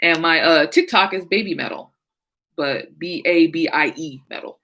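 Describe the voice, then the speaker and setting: A woman's voice: deep voice, moderate pace, a bit bright, rough recording. A woman talking casually and animatedly about music, laughing often and swearing freely. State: sleepy, yawning. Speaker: podcast host. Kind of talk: casual chat.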